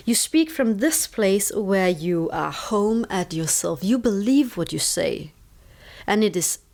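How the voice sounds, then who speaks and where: A woman's voice: medium pitch, darkish tone. Danish woman guest on an interview, english not her first language, talks it through, says stuff twice for emphasis. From Denmark. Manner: emphatic, repeats words for stress. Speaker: interview guest, stress coach. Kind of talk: reflective conversational explaining.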